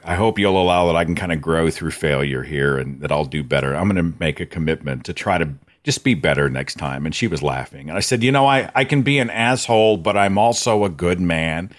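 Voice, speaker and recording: A man hosting a podcast, telling a personal story in a candid, self-critical, conversational way. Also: extremely low pitch. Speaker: podcast host. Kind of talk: reflective personal storytelling monologue.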